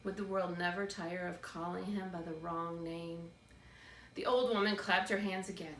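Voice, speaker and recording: A woman narrating a children's book in a steady, expressive read-aloud. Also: on the low side, moderate pace. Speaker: storybook reader. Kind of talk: scripted narration. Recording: roomy, distant mic, faint background noise.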